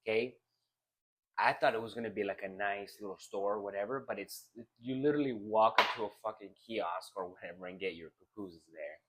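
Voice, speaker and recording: A man's voice: on the low side, brisk, heavy background noise. A young man co-hosting a casual podcast, rambling through a story and laughing often. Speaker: podcast co-host. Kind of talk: casual chat.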